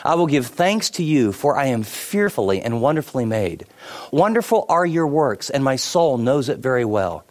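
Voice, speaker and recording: A middle-aged man preaching a sermon, telling stories with many asides and shifting between lively and hushed delivery. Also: mid-range voice, moderate pace. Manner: animated storytelling with many asides. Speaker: pastor.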